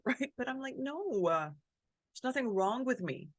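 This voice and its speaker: A woman vlogging from home, telling a personal story in a candid, expressive way and swearing freely. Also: a little high, brisk, dry recording. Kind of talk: casual personal storytelling to camera.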